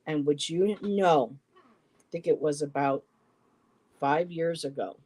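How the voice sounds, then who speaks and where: A middle-aged man telling a personal story in a halting way, repeating words and quoting what others said. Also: fairly high pitch, darkish tone. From western New York, US. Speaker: poetry show co-host.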